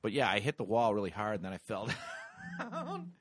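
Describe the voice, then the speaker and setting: A man in casual chat, telling stories with lots of profanity, laughter and shouted re-enactments. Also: fairly low pitch, huge pitch swings, normal speed.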